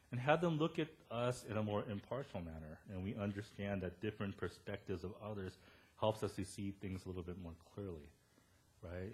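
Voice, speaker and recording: A man preaching a sermon to a church congregation, talking in a casual, joking way and asking the audience questions. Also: fairly low pitch. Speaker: pastor. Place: church service before a congregation.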